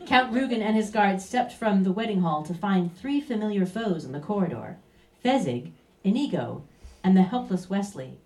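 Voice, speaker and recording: A woman's voice: medium pitch, lively intonation, normal speed, a little mellow. A woman telling a comic story aloud in a theatrical, playful narrating manner. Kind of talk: comic live story reading. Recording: roomy, distant mic.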